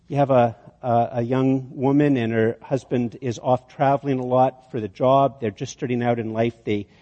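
A man's voice: medium pitch, mellow. A man preaching a sermon, telling a long illustration with many restarts and building to emphatic peaks. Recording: dull sound with long hall reverb.

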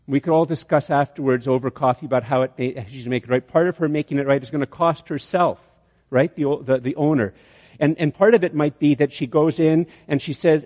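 A man delivers a sermon, building it around a long story and stumbling over repeated words as he goes. His voice sits slightly high but has a mellow, dark color. A long reverb trails behind him, as in a big hall. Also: fairly quick. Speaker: preacher.

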